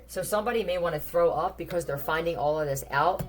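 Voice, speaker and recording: A woman's voice: on the low side, quick pace. A woman giving a casual tarot reading, thinking aloud in a blunt, profane way. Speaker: tarot reader.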